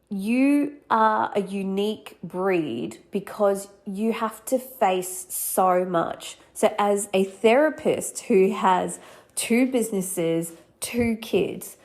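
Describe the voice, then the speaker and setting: A woman, her voice nasal and congested from a cold. She talks in an earnest, reflective way, with a few fillers as she thinks aloud, at a pitch that sits in the middle. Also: a little mellow. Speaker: podcast host and therapist. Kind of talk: solo podcast talk.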